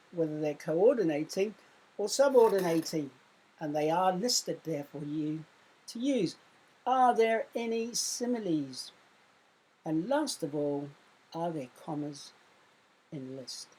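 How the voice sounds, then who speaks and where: A woman's voice: lowish voice, warm tone, husky, low-quality recording. A woman teacher with a British accent, giving a recorded lesson to young pupils and explaining spelling rules step by step, spelling out letters. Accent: British English. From England. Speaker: primary school teacher.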